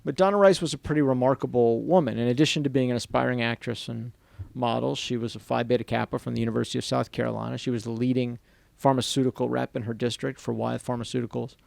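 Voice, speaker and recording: A man speaking to an audience at a bookstore event, telling a story in a lively way and dropping to a hushed voice when he quotes people. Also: mid-range voice, gravelly, no room sound. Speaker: author giving a book talk. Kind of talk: storytelling book talk.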